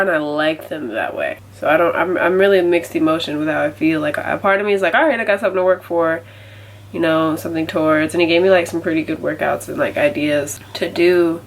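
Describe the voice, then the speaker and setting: The recording is rough, and the speaker is a young woman with a low-pitched, nasal voice. She rambles casually through a confessional vlog about a setback, leaning heavily on filler words.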